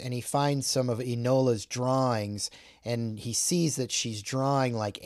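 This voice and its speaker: A man's voice: medium pitch, darkish tone, no room sound. Profane man recapping a movie, dry sound. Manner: profane, rambling recap with quoted asides. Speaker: podcast host recapping a film. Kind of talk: casual chat.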